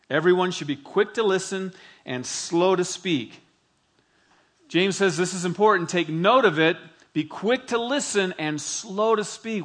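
A middle-aged man preaching a sermon to his congregation, earnest and emphatic, slowing down to stress key phrases. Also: on the high side, fairly bright tone. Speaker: pastor.

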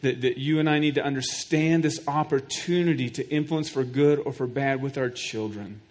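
The speaker is a middle-aged pastor giving a sermon, his mid-range voice a little mellow and his speed normal. Earnest throughout, he often repeats a word as his argument builds and asks his congregation questions head-on.

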